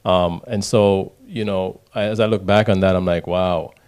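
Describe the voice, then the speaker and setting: A man with a lowish voice speaks in a relaxed group conversation. His delivery is laid-back and loose, with frequent check-ins to the people listening. He sounds easygoing rather than formal. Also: moderate pace, clear, resonant tone. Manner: laid-back, often says "you know what I mean". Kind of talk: casual discussion.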